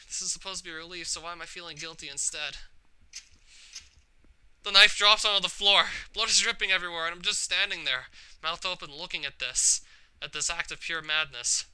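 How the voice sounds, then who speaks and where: A man's voice: a little high, pushed and bright, a little hiss or hum. A man reading aloud as a troubled, shy teenage girl from a visual novel, emotional, his voice climbing into cries. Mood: anguished.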